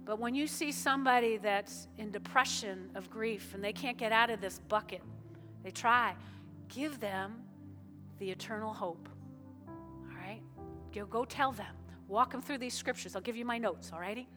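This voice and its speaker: A woman pastor giving a conversational sermon, lively and chatty, often checking in with her listeners. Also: fairly high pitch, normal speed. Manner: lively, conversational preaching with frequent "all righty?" asides. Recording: hall reverb with faint music.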